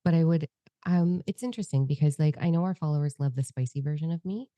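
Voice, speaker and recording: Woman co-host, unusually low and dark voice, open and expressive storyteller, casual heart-to-heart podcast talk. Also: fast talker, dry recording. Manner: candid, free-flowing, expressive storyteller.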